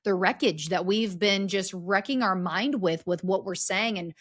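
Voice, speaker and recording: Earnest, expressive woman storyteller. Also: medium pitch, normal speed. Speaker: podcast guest, speaker and story strategist. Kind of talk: casual conversational interview.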